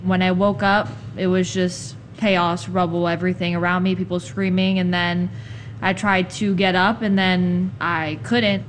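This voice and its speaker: A young woman in an interview recounting a personal experience in a quiet, flat way. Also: fairly low pitch, unhurried, slight background noise.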